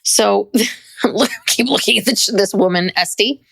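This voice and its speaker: A woman co-hosting a podcast in casual chat, animated and laughing, often mimicking others. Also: medium pitch, slow pace, vocal fry, breathy edge, dry recording, clean studio sound. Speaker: podcast co-host.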